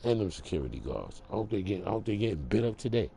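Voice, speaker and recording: A man's voice: on the low side, very animated, fast, gravelly, warm tone, a little hiss or hum. A man ranting casually to camera in a streetwise, emphatic way. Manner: streetwise, emphatic, repeats "bro". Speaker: vlogger.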